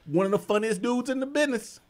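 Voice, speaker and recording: A man's voice: extremely high pitch, darkish tone. A man co-hosting in casual chat who talks emphatically, repeats himself for effect and laughs often. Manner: emphatic and repetitive, quick to laugh.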